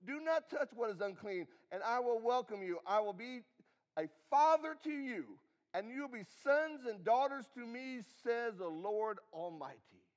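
A man's voice: very high voice, animated, a little slow. A man preaching a sermon, reading scripture aloud and guiding listeners through their Bibles with emphatic, rising and falling delivery. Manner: reads scripture aloud and asks the congregation to follow in their Bibles.

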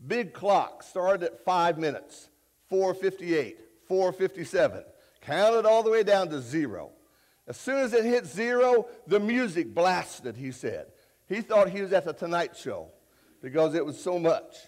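High-voiced folksy male preacher. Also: unhurried. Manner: folksy, conversational storytelling; animated, rises loud and high when retelling a story. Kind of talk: sermon.

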